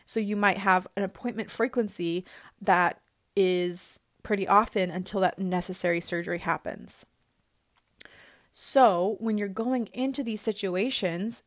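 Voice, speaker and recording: A woman's voice: mid-range voice, fairly bright tone, no echo, studio quality. A woman coach speaking in a conversational, encouraging coaching monologue, with frequent casual fillers.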